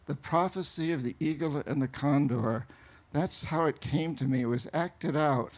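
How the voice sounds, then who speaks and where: A man from New England telling a travel story to an audience in an animated way, laughing often. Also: on the high side, normal speed. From New England, USA. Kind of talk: storytelling talk.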